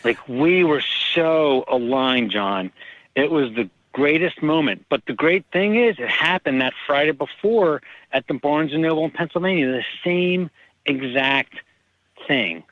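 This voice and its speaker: A man, an author, telling personal stories in casual conversation and lively acting out the people in them. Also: on the high side, measured pace, dry recording, phone-quality sound. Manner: animated, acts out quoted people. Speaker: author guest. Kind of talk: casual storytelling.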